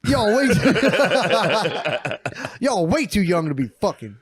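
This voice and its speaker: A man's voice: sits high, sing-song, slow, crowd noise. A man co-hosting a comedy podcast, telling stories in casual chat, laughing often and acting out the voices of people he quotes. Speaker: podcast co-host.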